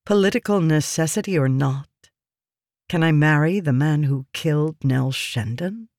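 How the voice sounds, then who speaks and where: A man voicing the quiet inner thoughts of a resigned young noblewoman in an audiobook reading. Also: a little high, measured pace, no echo, clean studio sound. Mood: troubled.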